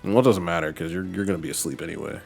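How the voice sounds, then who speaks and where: A man's voice: low-pitched, very fast, vocal fry, darkish tone, slightly rough, faint music behind. A man streaming a game, chatting casually as he plays and talking to his team and viewers. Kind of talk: casual gameplay commentary.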